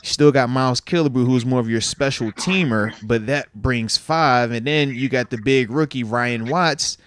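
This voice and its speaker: A man co-hosting a casual podcast, talking in an energetic, joking, slangy way. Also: medium pitch, normal speed, slight background noise. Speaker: co-host.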